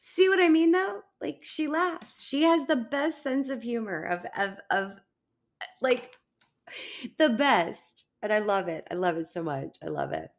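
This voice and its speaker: A woman's voice: a little high, expressive, measured pace, pauses often, a bit bright. A middle-aged woman hosting a live online show, chatting casually and laughing as she rambles through stories. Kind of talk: casual live-stream chat.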